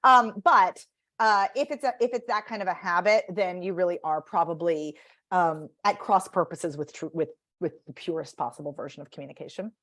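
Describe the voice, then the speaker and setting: A woman's voice: fairly low pitch, normal speed, fairly bright tone. A woman speaking as a voice and speech coach in a podcast interview, animatedly demonstrating vocal patterns by acting them out.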